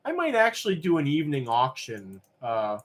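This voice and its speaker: Relaxed man hosting a live auction. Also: on the high side, moderate pace. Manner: relaxed, rambling, many fillers. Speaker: live-stream auction host. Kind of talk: casual live-stream chat.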